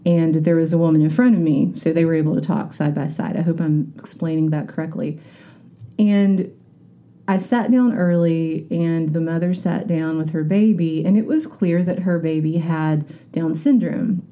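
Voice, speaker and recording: A woman with a very dark, mellow tone and a fairly low voice talks through her thoughts in a loose, reflective monologue. She restarts sentences often and slips into little acted-out voices when she quotes people. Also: normal speed. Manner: candid, rambling, acts out quoted voices, frequent restarts.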